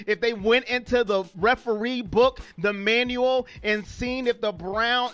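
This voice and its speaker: A man's voice: very high voice, a bit bright, clean tone, lo-fi sound. A man hosting a fan live stream, talking straight to viewers and reading chat messages aloud.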